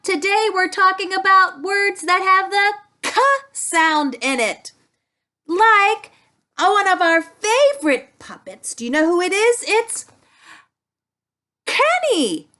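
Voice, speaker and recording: A female speech-language pathologist uses toys to teach young children a speech sound, speaking slowly and drawing out her sounds. Her voice is very high-pitched, pushed and bright.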